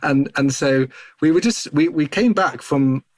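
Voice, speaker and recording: A man in his thirties, a podcast guest, telling faith stories in an animated, self-interrupting way and chuckling as he goes. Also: a little high, a little slow. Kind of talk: conversational storytelling.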